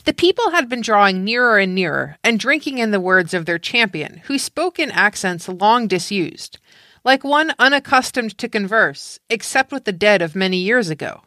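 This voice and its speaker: A woman reads a story aloud with calm, measured pacing. Her tone is bright and clear, and the sound is dry and close. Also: mid-range voice, no echo. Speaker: narrator. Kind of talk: literary reading.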